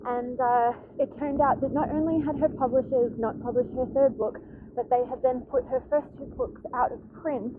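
A woman's voice: high-pitched, steady tone, brisk. Chatty woman on a tinny line. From Australia. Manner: chatty, rambling with many fillers and restarts. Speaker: podcast host. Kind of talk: casual chat, retelling a story. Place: outdoors in a city, planes overhead. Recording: tinny phone-like recording, faint background noise.

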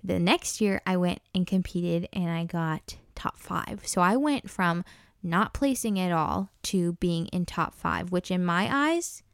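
A woman's voice: on the low side, lively intonation, unhurried, smooth, no room sound, clean studio sound. A young woman from North Dakota hosting a podcast, telling a personal story in a chatty, earnest and emotional way. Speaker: podcast host. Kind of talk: casual storytelling.

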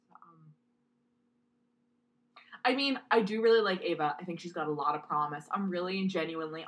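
A woman co-hosting a casual fan podcast, animated and swearing freely, who often loses her train of thought. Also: on the low side, poor audio. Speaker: podcast co-host.

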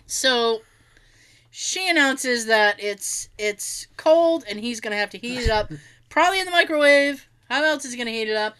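A woman telling family stories in a casual chat, animated, swearing freely and laughing often. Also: on the high side, normal speed, smooth.

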